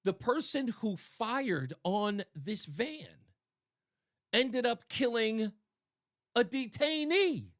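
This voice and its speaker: A man's voice: very high-pitched, lively intonation, slow pace, fairly bright tone, no echo. A male talk radio host giving sarcastic, mocking political commentary on a studio mic.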